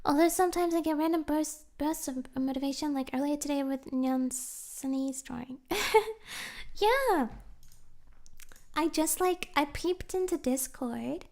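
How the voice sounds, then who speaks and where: A young woman streamer chats casually with her live chat, gushing and giggling and sometimes slipping into soft whispers. Her voice sits high, and she speaks a little slowly.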